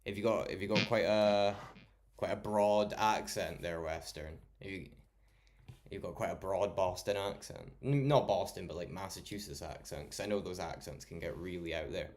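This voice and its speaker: Male livestreamer, deep low voice, loose sweary late-night chat with viewers. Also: normal speed. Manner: swears a lot, chatty, talks to chat by name.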